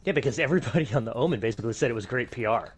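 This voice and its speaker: A man's voice: medium pitch, lively intonation, very fast, breathy edge, faint music behind. A man co-hosting a gaming stream, chatting casually with blunt jokes and casual swearing. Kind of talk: casual live-stream chat while gaming.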